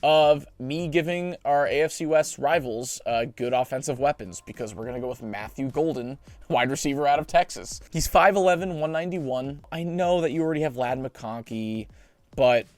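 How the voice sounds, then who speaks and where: A young man hosting a sports show, giving chatty, animated mock draft commentary with joking asides. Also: medium pitch, normal speed, no room sound.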